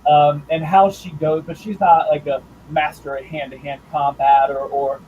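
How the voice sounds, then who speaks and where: A man who writes and draws comics, talking about his work in a casual interview, thoughtful and halting with fillers and restarts. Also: a little high, little pitch movement, darkish tone, slight background noise, rough recording. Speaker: comics writer and artist guest.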